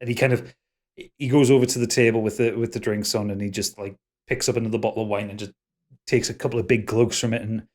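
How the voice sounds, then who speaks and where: A man narrating a tabletop game as game master, in a loose, halting way with many restarts. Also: lowish voice, steady tone, a little mellow.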